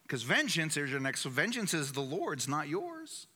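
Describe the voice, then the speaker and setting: A man's voice: on the high side, wildly swooping pitch, measured pace, hardly any pauses, pushed and bright. A man preaching a sermon in an emphatic way, repeating key phrases for weight. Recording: echoey hall.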